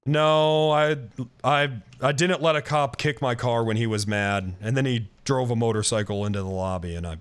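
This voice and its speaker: A man's voice: mid-range voice, normal speed, smooth. A male streamer ranting to his chat, heated and profane, repeating himself as he talks. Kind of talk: live-stream rant to chat.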